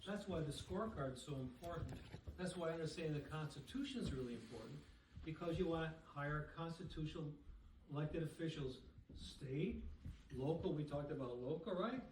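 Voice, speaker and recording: A man with a fairly high voice gives an animated talk at a dinner, putting questions to the crowd. He stands well back from the microphone in an echoey room. A soft hiss sits behind him. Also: moderate pace. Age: middle-aged or older. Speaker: speaker at a society dinner. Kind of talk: public talk to a dinner audience. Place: banquet room with audience. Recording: echoey room, speaker far from mic.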